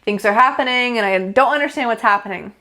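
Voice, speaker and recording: A woman's voice: a little high, fast talker, sharp tone. A woman voicing Mark, an eager, hopeful man who talks to the universe in an earnest, pleading way. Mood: panicked.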